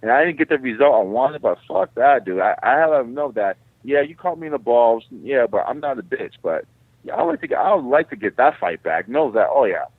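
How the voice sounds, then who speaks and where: A man who is a guest fighter, telling stories in an animated, profane, casual way. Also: medium pitch, brisk, slightly rough, no echo. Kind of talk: casual interview. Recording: tinny phone line.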